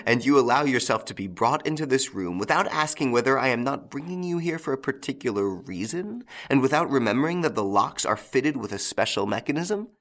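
A man reading as Lupin, a taunting gentleman thief. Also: brisk. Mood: mocking. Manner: teasing, taunting, lively swings in pitch. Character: mocking, playful gentleman thief, adult man. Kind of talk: audiobook character reading.

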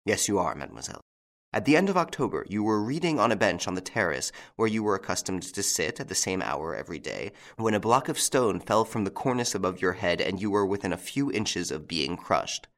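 A man reading an audiobook, voicing a calm, authoritative gentleman thief who speaks distinctly and reassuringly, in a lowish voice. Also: fairly quick, full character voice. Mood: grave.

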